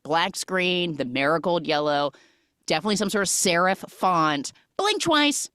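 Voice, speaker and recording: A woman hosting a podcast, recapping a film in a casual, animated way with lots of "like" fillers. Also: lowish voice, moderate pace, clear, resonant tone, no room sound, studio quality. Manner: animated storytelling with frequent "like" fillers. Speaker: podcast host.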